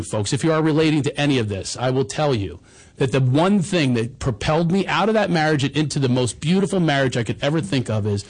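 A middle-aged man hosting a comedy show, telling rambling, self-deprecating personal stories in a bombastic, casual way. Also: mid-range voice. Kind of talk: casual chat and personal storytelling.

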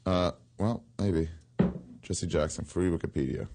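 A man's voice: deep voice, unhurried, heavy background noise. A man teasing his friends in laid-back, crude podcast banter.

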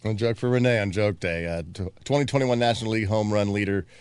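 A man in his forties with a fairly low voice hosts a casual talk show, rattling off deadpan one-liners between bits of banter. The sound is dry and close, with no room around it. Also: fast talker, clean tone, no echo. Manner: wisecracking, deadpan joke delivery. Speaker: radio show host. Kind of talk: casual morning-show banter with joke segments.

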